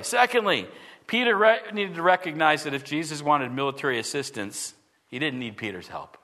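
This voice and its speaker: A male pastor preaching a sermon, animated and full of rhetorical questions, swinging from loud emphasis to hushed tones. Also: fairly high pitch, fairly quick. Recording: long hall reverb.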